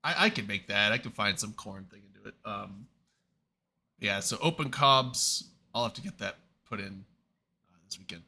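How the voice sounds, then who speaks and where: A man's voice: lowish voice, expressive, moderate pace, sharp tone. A man co-hosting a casual online talk show, rambling with stumbles and restarts and laughing often. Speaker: podcast co-host. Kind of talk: casual chat among friends.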